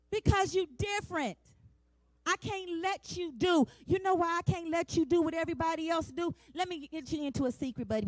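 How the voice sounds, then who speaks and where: High-voiced woman preaching with passion. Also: no echo. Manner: passionate, emphatic preaching with repeated refrains; colloquial, talks straight to the congregation. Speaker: women's day speaker. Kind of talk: sermon.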